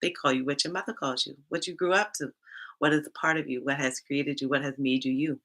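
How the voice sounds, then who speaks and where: A woman's voice: low voice, fast. A middle-aged woman from Charleston with a Southern accent, chatting casually and sassily with viewers on a livestream. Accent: Southern US Black vernacular, Charleston Geechee. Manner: animated, sassy, talks back to chat comments. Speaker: livestream host, HR coach.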